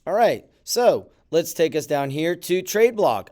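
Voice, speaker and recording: Animated, clear-voiced male teacher. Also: on the high side, a little slow, few pauses. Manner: animated, mock-surprised asides. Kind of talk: classroom lecture video.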